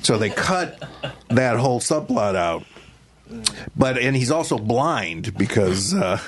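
A man's voice: medium pitch, expressive, slow pace, crowd noise. A man chatting casually with friends, telling a long rambling story, swearing and mocking himself.

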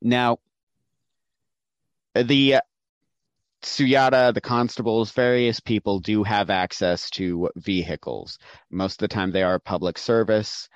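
A man narrating as game master for a tabletop game, measured and descriptive with occasional fillers. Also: lowish voice, steady tone, no echo. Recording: dull dry lo-fi sound.

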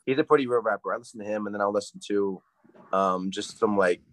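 A young man, a college wrestler, chatting fast and hyped in a casual interview, rambling with lots of fillers. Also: on the low side, dry recording, low-quality recording. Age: young adult.

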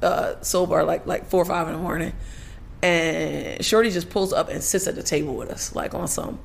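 A woman's voice: on the low side, fairly even intonation, moderate pace, vocal fry. A woman guest talking candidly and profanely in a casual chat, often laughing.

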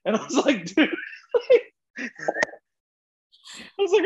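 A man's voice: sits high, measured pace, pauses often, lo-fi sound, slight background noise. A man guesting on a podcast, telling a story in casual chat and laughing along with it. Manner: animated, laughs through his own story.

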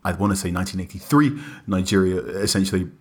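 A man reporting on the line for a sports show, explaining in a measured way with frequent pauses. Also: low voice, fairly even intonation, husky. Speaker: correspondent on the line. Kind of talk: explaining in a conversational interview.

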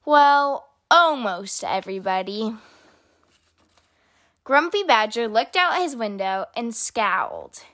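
A woman with a high, bright voice reading a picture book aloud for kids. She tells the story in an expressive, animated way. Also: slow, no echo, clean studio sound. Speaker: children's story reader.

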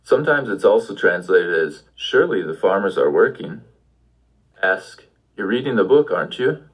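A man's voice: lowish voice, big pitch swings, moderate pace, husky, poor audio. A man giving an audio language lesson, patiently prompting the listener with questions. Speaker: language teacher.

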